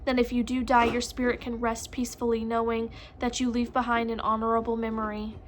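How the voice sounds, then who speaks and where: A commanding vampire high priestess from a storybook, as a woman reads her, solemn and tense. She speaks in a fairly high, even voice that hardly rises or falls, with faint hiss in the background. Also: brisk, natural voice.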